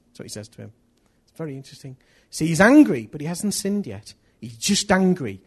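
A middle-aged man delivers a sermon with animated storytelling. His voice sits a little high and sounds husky. He acts out small scenes of dialogue as he preaches. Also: brisk, hardly any pauses. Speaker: pastor.

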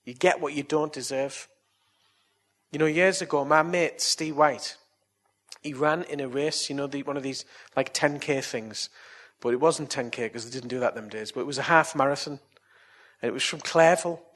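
Husky preacher, chatty and earnest. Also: male voice, medium pitch, moderate pace, a bit bright. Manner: chatty, anecdotal storytelling; earnest, coaxing appeals. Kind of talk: evangelistic sermon and altar call.

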